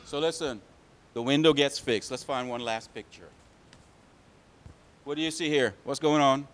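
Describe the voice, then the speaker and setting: A man telling a picture-book story to children, pausing to ask them questions. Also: mid-range voice. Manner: animated, asks the children questions.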